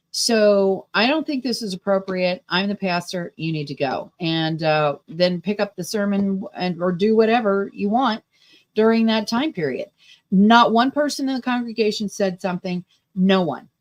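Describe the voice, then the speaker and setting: A middle-aged woman hosting a radio talk show, telling a story in an indignant, emphatic monologue. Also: medium pitch.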